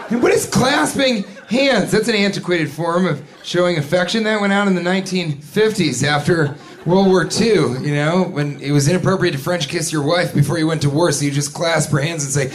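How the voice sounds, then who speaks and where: A man doing a stand-up comedy set, telling a story in a deadpan way and now and then breaking into a shrill put-on voice. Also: moderate pace. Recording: live club recording with audience and noise. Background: audience laughter.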